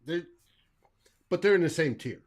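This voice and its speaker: A man co-hosting a casual sports talk show, speaking in a relaxed, halting way. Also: on the high side. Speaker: podcast co-host.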